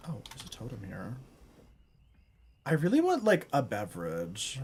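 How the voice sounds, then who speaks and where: A woman streamer giving chatty, expressive live commentary while she plays, full of quick reactions and playful complaints. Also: rumbling low, slight background noise.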